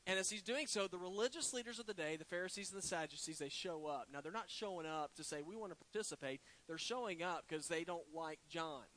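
Male pastor, high bright voice, lilt, dramatic preaching with sudden hushed drops. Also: poor audio. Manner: preaching with dramatic drops to a hush and slow emphatic words. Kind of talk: sermon.

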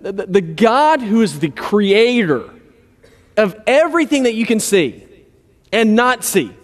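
A male pastor with a strikingly high voice preaches in a relaxed, conversational way, often dropping low and soft to drive a point home. He takes his time, and a long reverb suggests a large hall.

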